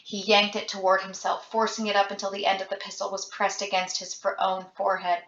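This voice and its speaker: A woman reads a novel aloud with a dramatic, expressive touch, her voice bright and forward. The room around her is echoey and the sound is a bit dull, like a lo-fi home recording. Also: medium pitch, brisk, hardly any pauses. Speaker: audiobook reader.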